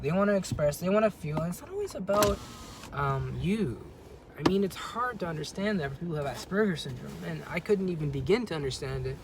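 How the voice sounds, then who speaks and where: A man's voice: sits high, slight background noise. A man talking casually to camera in a rambling way, often repeating words and restarting his sentences. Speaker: vlogger. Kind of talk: casual monologue.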